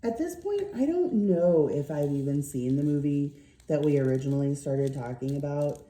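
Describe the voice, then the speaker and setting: A woman's voice: low-pitched, lively intonation, normal speed, warm tone, reverberant. A middle-aged woman vlogger telling a rambling story while crafting, tired and yawning, with lots of fillers. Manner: rambling, chatty, with many fillers.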